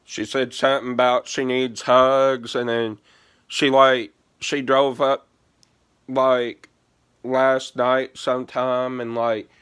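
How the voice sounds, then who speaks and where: A man chats through a long personal story for his vlog in a smooth, clear voice. He takes his time, drifts between thoughts, swears often and keeps saying "like". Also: medium pitch, level tone, takes it slowly, fairly bright tone. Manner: rambling, profane, heavy use of "like". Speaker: gaming vlogger.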